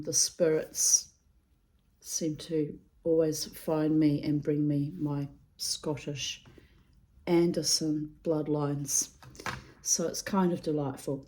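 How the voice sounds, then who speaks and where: A woman with a low-pitched, slightly mellow voice does her daily readings as a rambling casual monologue, digressing often, swearing freely and laughing a lot. There's a little hiss or hum.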